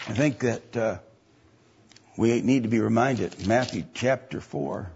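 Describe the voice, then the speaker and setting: A man's voice: fairly low pitch, measured pace, a little mellow, a little hiss or hum. A man preaching a sermon, emphatic, with mocking voices when he quotes others. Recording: dull lo-fi recording.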